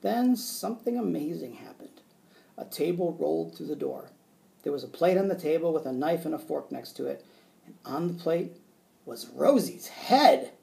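A male teacher reading a children's book aloud with expressive narration. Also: on the high side, normal speed, gravelly.

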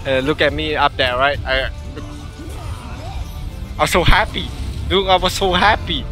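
A man giving live gameplay commentary, swinging between excited shouts and giggling, muttered asides. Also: on the high side, a little slow, pauses often, soft background music. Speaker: gamer.

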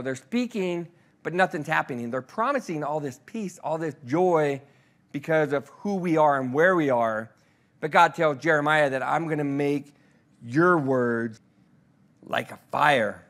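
A man's voice: on the high side, fairly bright tone. Conversational man teaching scripture. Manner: conversational, frequent "you know" fillers; reads scripture aloud slowly and emphatically. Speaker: pastoral care leader teaching scripture. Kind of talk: verse-by-verse Bible teaching.

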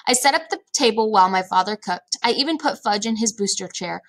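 A woman reading a children's chapter book aloud in a lively, expressive storytelling manner. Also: mid-range voice, a little fast. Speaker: read-aloud narrator.

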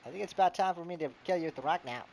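A man's voice: on the high side, rapid-fire, vocal fry, darkish tone. A young man chatting casually while playing a game, goofy, swearing and repeating phrases in silly voices. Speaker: gamer.

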